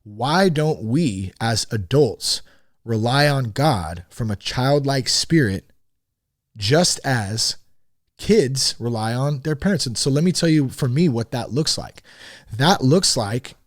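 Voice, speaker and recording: A man in his thirties hosting a podcast, talking frankly in a casual, animated monologue. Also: mid-range voice, slow pace, no room sound, clean studio sound. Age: 30s. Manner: animated and frank, with swearing and rising emphasis. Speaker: podcast host.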